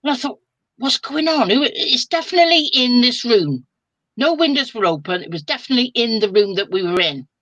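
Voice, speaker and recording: A woman's voice: fairly high pitch, a little fast, no echo, muffled recording. Chatty older Englishwoman telling a story. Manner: chatty and lively, with colloquial exclamations. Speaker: spiritual medium guest. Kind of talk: casual storytelling on a live video chat.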